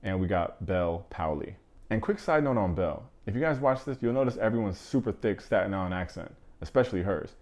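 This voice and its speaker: Male movie reviewer, deep voice, rapid slangy casual delivery. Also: lively intonation, darkish tone. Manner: casual, slangy, joking asides.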